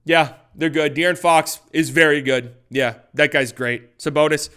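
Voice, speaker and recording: A young man breaking down basketball game film in a casual, animated way, laughing and mocking the plays as he goes. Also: fairly high pitch, normal speed, smooth. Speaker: basketball analysis host.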